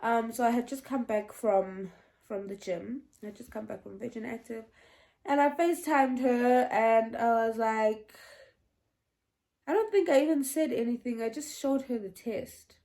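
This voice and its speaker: A woman's voice: a little high, a little slow, warm tone. A young woman telling a casual storytime vlog, chatty and meandering, often restarting and laughing. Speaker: vlogger.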